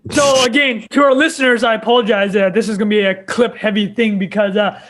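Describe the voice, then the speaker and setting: A man's voice: sits high, fairly even intonation, fast talker, a bit bright. A young man co-hosting a podcast, telling a story in casual chat and laughing often as he goes. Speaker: podcast co-host.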